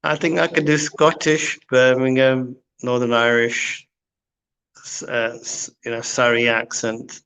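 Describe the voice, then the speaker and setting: A man's voice: medium pitch, flat delivery, a little slow, a bit bright, clean tone. A man chatting casually as a guest on a live show, speaking hesitantly with many fillers. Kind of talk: casual chat. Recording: dull lo-fi live stream audio.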